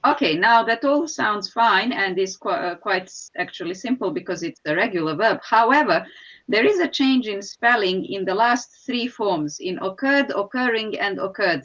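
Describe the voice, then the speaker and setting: A woman teaches English grammar online, explaining each rule patiently and step by step. Her voice sits at a middling pitch and comes through a somewhat dull, lo-fi call connection. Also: animated, moderate pace, fairly bright tone. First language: Serbian. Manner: patient, explanatory, calls on students by name.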